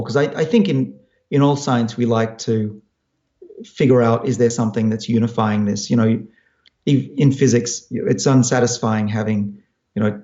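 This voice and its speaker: A man's voice: mid-range voice, warm tone, reverberant, lo-fi sound. A man in his fifties from Australia, a scientist thoughtfully explaining his work while answering audience questions. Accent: Australian with American-sounding turns. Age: 50s. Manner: thoughtful, explanatory, frequent restarts. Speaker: scientist guest.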